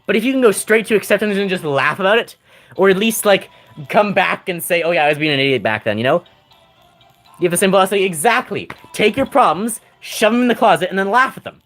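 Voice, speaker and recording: A man's high, expressive, fairly bright voice moves a little fast over soft background music. A gaming streamer, he chats casually with his viewers while playing, rambling, joking, and laughing often.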